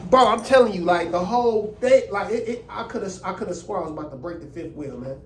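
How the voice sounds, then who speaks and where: A young man telling a story in a casual, animated, indignant way and using lots of slang. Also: high voice, fast, reverberant, recorded from a distance, a little hiss or hum. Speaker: vlogger.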